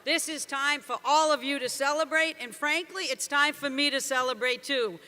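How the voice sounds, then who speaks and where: A woman gives a commencement speech in a very high, piercingly bright voice. She jokes and punches her lines to rouse the crowd, and long reverb from the big venue trails behind every phrase. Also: moderate pace. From Boston area, USA. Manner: jokey, emphatic, rousing the crowd. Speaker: commencement speaker.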